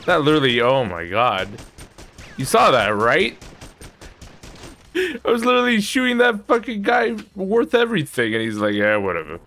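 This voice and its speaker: Streaming a shooter game, a man with a high voice swoops wildly in pitch, pausing often at a moderate pace. He curses in frustration, yells at the game, and complains about his health as enemies kill him.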